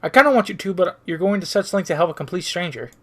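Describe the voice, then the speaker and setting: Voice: medium pitch, lively intonation, quick pace, fairly bright tone. A streamer reading the part of an awkward, grateful young man down on his luck in a visual novel, dry and self-mocking. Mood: wry.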